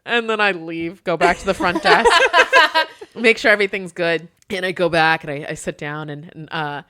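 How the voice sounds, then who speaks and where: A woman with a fairly low voice speaks at a normal speed. She manages a hotel front desk and is telling a story in a casual chat, laughing often and animatedly acting out the people she quotes.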